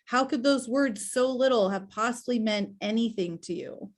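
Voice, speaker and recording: A woman's voice: on the high side, normal speed, natural voice. A woman voicing a distraught grown man who presses his sister with urgent questions. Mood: pleading.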